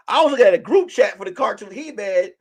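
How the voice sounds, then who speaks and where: A man, a comedian, chatting casually to his viewers in a loose, animated way, slipping into song and mock voices. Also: high voice, normal speed, vocal fry, husky. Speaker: comedian and vlogger. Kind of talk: casual vlog chat.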